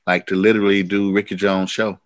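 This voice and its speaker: Man, low voice, dry close sound, rambling animated storyteller, casual interview guest. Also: a little fast, no room sound. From United States. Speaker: singer-songwriter guest.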